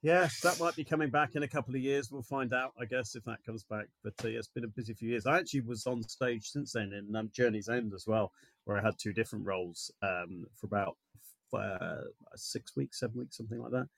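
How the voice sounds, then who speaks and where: An actor and writer chatting as a podcast guest, jokey and full of fillers. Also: male voice, medium pitch, fairly quick, creaky, fairly bright tone, no echo, low-quality recording. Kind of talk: casual chat.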